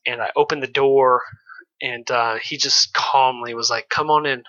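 A former pro baseball pitcher telling loose, candid stories in an interview, full of "like" and "you know". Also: male voice, flat delivery, unhurried, pushed and bright, dull audio. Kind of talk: casual storytelling in an interview.

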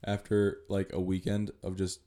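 Mellow low-voiced man chatting. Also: normal speed. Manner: relaxed storyteller with frequent laughs. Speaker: podcast co-host. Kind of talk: casual chat.

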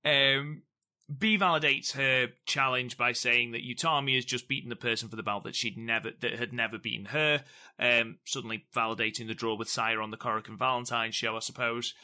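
A man's voice: mid-range voice, steady tone, fairly quick, bright, forceful tone. A man co-hosting a podcast, recapping a show in chatty casual talk with asides. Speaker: podcast co-host.

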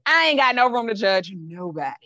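A woman's voice: mid-range voice, very animated, a little fast, bright, forceful tone, no room sound, dull audio. A woman life coach, talking frankly and emphatically in a casual podcast chat. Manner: frank, emphatic, slips into dialect and quoted voices.

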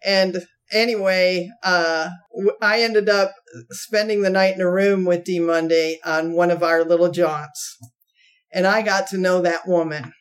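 A woman co-hosting a podcast, telling a story in a casual, animated way, laughing often and slipping into acted quotes. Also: on the low side, a little slow, clear, resonant tone. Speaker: podcast co-host.

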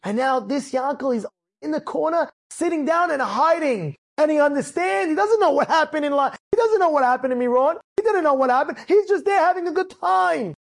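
High-voiced, animated storytelling rabbi. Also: male voice, brisk, creaky. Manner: animated and dramatic, acts out the characters, rises to shouts at peaks. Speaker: rabbi telling an inspirational story. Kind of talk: storytelling sermon.

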